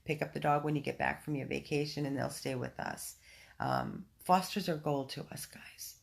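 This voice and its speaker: A woman's voice: low-pitched, normal speed, gravelly. A woman hosting a casual livestream from home on her phone, reading viewer comments and chatting in an effusive way, full of ums and restarts. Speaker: dog rescue volunteer hosting a livestream.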